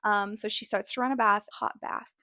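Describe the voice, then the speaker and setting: A woman hosting a casual TV recap vlog, talking in a chatty, animated way with lots of "like" fillers. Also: medium pitch, moderate pace, dry recording, clean studio sound. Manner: animated, exclaims and laughs. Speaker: show recap host.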